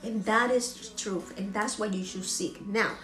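A woman's voice: medium pitch, fairly even intonation, moderate pace, fairly bright tone, roomy sound, faint music behind. A woman vlogger giving an emotional motivational talk. She is earnest and preachy and repeats phrases for emphasis.

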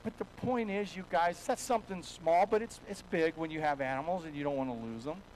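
A male pastor preaching a sermon in a folksy, storytelling way, his voice a bit higher than most men's. He drops to a near hush and then rises to loud, driving lines. A faint hiss sits under the recording. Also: a little fast, rough recording. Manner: folksy storytelling, swinging between hushed and loud. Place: church.

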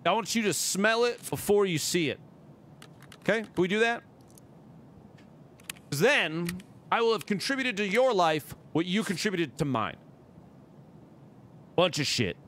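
A man's voice: high-pitched, big pitch swings, unhurried, long pauses, fairly bright tone, a little hiss or hum. A man livestreaming a game, ranting sarcastically and swearing often between bits of commentary. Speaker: gaming livestreamer. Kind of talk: live gameplay commentary and ranting.

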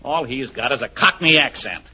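A man with a gruff, wisecracking manner in a scripted radio comedy. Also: medium pitch, normal speed, sharp tone. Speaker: comic guest. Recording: dull 1940s radio broadcast with hiss.

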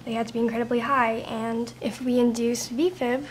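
A woman's voice: fairly high pitch, steady tone, moderate pace, a little hiss or hum, lightly acted. An actor playing a careful young doctor who voices her concern.

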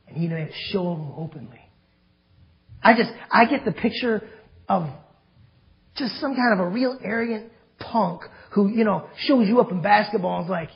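A male pastor preaching a fiery sermon, reading scripture slowly and then ranting and getting loud. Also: high-pitched, vocal fry. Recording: dull lo-fi sermon recording.

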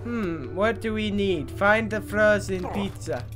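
A young man with a high voice speaks slowly while casually commenting on a game. He swears and bursts into frustrated, profane outbursts as game music plays behind him.

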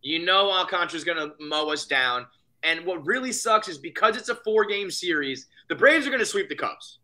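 A man co-hosting a podcast, chatting casually about baseball in a rambling, profane, excitable way. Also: sits high, moderate pace. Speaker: podcast co-host. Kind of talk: casual sports chat.

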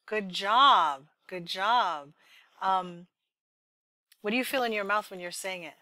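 A woman's voice: mid-range voice, slow pace, bright, forceful tone, dry recording, studio quality. A woman leading a speech therapy demonstration with a child, patient and encouraging, carefully modeling sounds.

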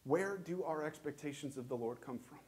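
A pastor preaching a sermon in a church, asking questions and speaking earnestly with measured, emphatic pauses. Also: male voice, on the high side, darkish tone, breathy edge.

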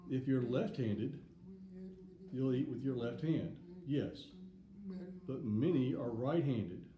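Slow-speaking preacher man. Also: medium pitch, highs cut off, a little hiss or hum. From Southern United States. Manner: slow, plain and deliberate, with short pauses. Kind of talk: simple devotional talk with stories. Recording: echoey room.

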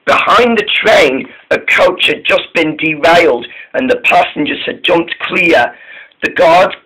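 Guy telling a train story, slow and stumbly, husky voice. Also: a little high, expressive, sharp tone, low-quality recording. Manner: halting, many false starts and restarts. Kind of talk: amateur story narration.

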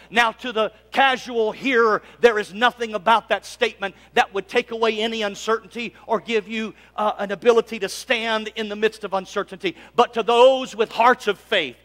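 A male pastor preaching a sermon, asking his congregation to answer back and swinging from loud emphatic lines to quiet asides. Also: sits high, steady tone, moderate pace. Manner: preaching, calling for congregation responses. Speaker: lead pastor. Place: church sanctuary. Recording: long reverb of a church sanctuary.

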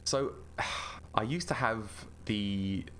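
A man's voice: fairly low pitch, extremely slow, fairly bright tone, a little hiss or hum. A man rambling and chatting with an easy laugh while he gives casual gameplay commentary as a gaming YouTuber.

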